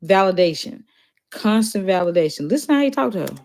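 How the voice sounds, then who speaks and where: A woman's voice: medium pitch, very animated, a little fast, gravelly, a little mellow. A woman streamer giving casual, mocking commentary over a played clip, talking straight to her viewers.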